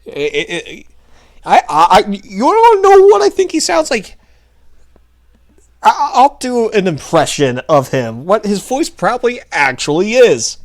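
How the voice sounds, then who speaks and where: A man's voice: sits high, sing-song, unhurried. A male commentary host ranting in a sarcastic, heated, mocking way.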